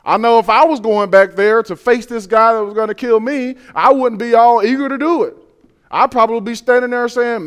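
A man's voice: high-pitched, expressive, normal speed, smooth. A man preaching a conversational sermon, acting out the Bible figures' lines with rising and falling intensity.

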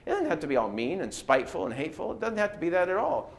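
A man leads a Bible class with a lively, swinging voice pitched a little high. He teaches through strings of rhetorical questions. He acts out the replies he quotes. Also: quick pace, creaky, hardly any pauses.

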